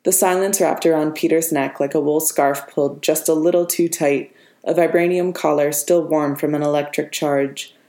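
A woman narrating a story as an audiobook, steady and measured. Her voice sits very low, and the reading sounds like it was taken in a roomy, echoing space. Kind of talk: audiobook narration of fan fiction. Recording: roomy reverberant room.

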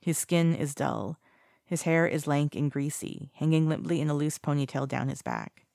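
A narrator reading a piece of fiction aloud in a steady, measured way. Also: mid-range voice, creaky, no echo, studio quality.

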